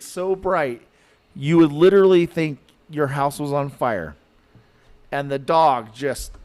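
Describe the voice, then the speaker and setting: Guy rambling thru a story on a podcast, kinda high voice, lots of likes and ums. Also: darkish tone. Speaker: podcast guest telling a story. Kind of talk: casual storytelling.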